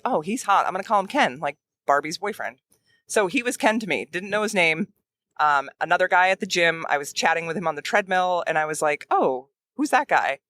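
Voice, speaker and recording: An adult woman with a low-pitched voice tells a story as a guest in a casual chat while driving a moving car, animatedly acting out the quotes. There's no echo.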